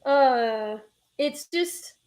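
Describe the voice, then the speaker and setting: A young woman with a Northern US accent chats on her live stream in a fairly high voice. She rambles and stops herself mid-sentence, talking casually straight to her viewers. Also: expressive, very slow, darkish tone. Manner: rambling, chatty, reads chat aloud, self-interrupting. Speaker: streamer hosting a nostalgia show.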